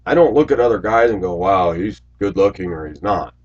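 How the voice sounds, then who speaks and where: A man in his forties telling stories in a rambling monologue to his viewers, raising his voice loudly when he acts out what people said. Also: low-pitched, expressive, fairly quick, highs cut off. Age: 40s. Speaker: video blogger. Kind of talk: casual monologue to camera.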